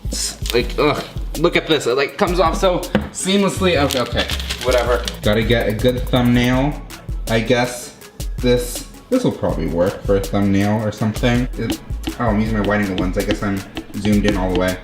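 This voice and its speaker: A man doing a casual unboxing vlog at home, gushing and excitable, often poking fun at himself. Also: medium pitch, normal speed. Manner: gushing, excitable, self-mocking. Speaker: YouTuber unboxing a phone. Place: room at home. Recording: roomy echo with background music.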